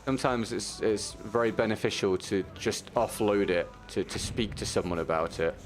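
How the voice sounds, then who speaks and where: Male streamer, low voice, laid-back supportive chat over faint game music. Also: normal speed. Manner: supportive, talks to viewers while gaming, frequent restarts. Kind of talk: casual chat while playing.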